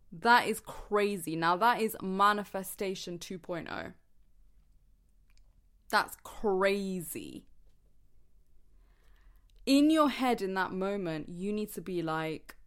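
A woman's voice: on the low side, expressive, slow pace, a bit bright. A woman talking earnestly and casually to her viewers about mindset, laughing often and correcting herself as she goes. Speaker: self-help vlogger. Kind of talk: casual motivational talk to viewers.

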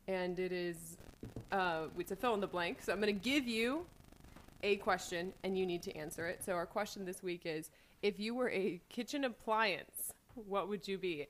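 A woman's voice: medium pitch, fairly bright tone. Easygoing woman podcast host. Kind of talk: casual podcast hosting.

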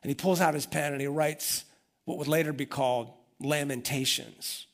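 A man's voice: a little high, fairly even intonation, moderate pace, a bit bright. A man preaching a sermon, telling the story with energy and acting out the voices of the people in it. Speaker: pastor.

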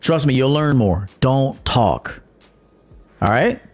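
A man's voice: lively intonation, takes it slowly, soft background music. Profane, mocking male podcast host. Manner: profane, mocking, laughs at his own jabs; mimics commenters in a high mocking voice. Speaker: podcast host and dating coach. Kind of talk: blunt monologue.

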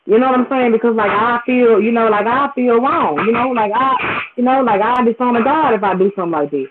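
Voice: mid-range voice, brisk, background noise. Host from with a drawl, swears a lot and repeats themselves, mid-range voice, audio thin like a phone line. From Memphis, Tennessee. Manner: profane, emphatic, repetitive. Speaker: podcast host. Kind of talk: casual storytelling rant.

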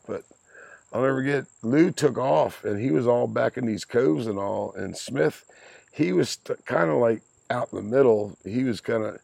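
The host's father, a man in his sixties, chats casually on the podcast, telling wandering stories full of laughter and crude language. He has a mid-range, creaky, slightly mellow voice, recorded dry.

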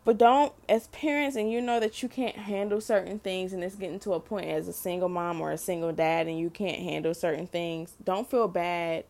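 A woman's voice: lowish voice, vocal fry, darkish tone. A middle-aged mother sharing an unscripted faith testimony, speaking earnestly to listeners and often repeating and restarting her phrases.

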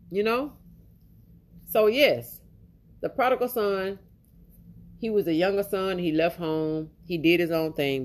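A preacher retelling a parable in an informal sermon, casual and rambling, with plenty of 'you know' and 'y'all'. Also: medium pitch.

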